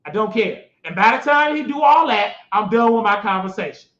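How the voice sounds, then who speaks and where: Brief: emphatic male host, high voice, repeats himself, tells stories loudly, dull lo-fi sound. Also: lively intonation, brisk. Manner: emphatic, repetitive, bursts into shouting. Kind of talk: animated storytelling monologue. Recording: echoey, dull lo-fi recording.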